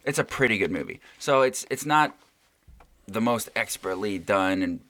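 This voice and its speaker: A man's voice: lowish voice, lively intonation, normal speed, sharp tone, no echo. A man hosting a casual chat, wry and rambling as he tells a story.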